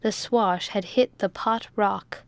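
A woman narrating a classic sea novel as an audiobook, in a steady, clear reading. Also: medium pitch, takes it slowly, dry recording. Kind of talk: scripted narration.

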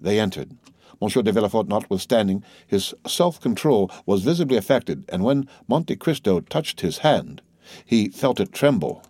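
A man narrating a classic novel audiobook in a steady, even storytelling voice. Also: lowish voice, normal speed, husky, no room sound.

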